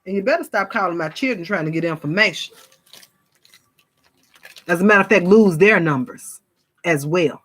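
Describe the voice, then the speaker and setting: A woman's voice: on the low side, lively intonation, moderate pace, pauses often, fairly bright tone. A woman, talking straight to her viewers in a fervent casual sermon, calling them y'all and now and then mimicking gossiping people. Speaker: spiritual vlogger. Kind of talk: casual preaching monologue to viewers.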